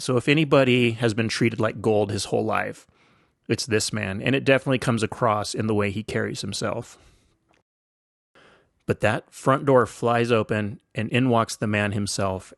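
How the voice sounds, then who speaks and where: An older American man with a gravelly, lowish voice tells a story on his podcast. He talks in a chatty, enthusiastic way, full of likes and you-knows. The sound is close and dry, with no room echo. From United States. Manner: enthusiastic, chatty, lots of fillers. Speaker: podcast host. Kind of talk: casual storytelling.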